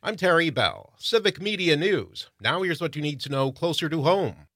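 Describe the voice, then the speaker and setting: A man reading a scripted radio news bulletin in a measured, formal manner. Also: fairly high pitch, animated, bright, forceful tone, dry recording, studio quality. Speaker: newsreader.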